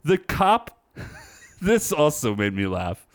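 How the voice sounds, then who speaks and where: A man's voice: a little high, slow, no echo. A man in his thirties co-hosting a casual horror movie podcast, laughing and swearing as he recounts scenes. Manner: laughing, swearing, animated storytelling. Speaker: podcast co-host. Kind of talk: casual movie review chat.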